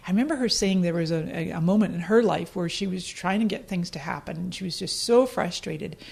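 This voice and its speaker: A middle-aged woman with a Scottish accent, a podcast guest telling stories in casual talk. She laughs often and acts out her own past remarks in a higher voice. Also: fairly quick, vocal fry, darkish tone, breathy edge. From Scotland. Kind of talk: casual storytelling interview.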